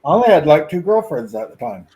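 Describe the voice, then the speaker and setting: A man in casual chat, chiming in with quick interjections and stammered starts. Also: fairly high pitch, big pitch swings, warm tone.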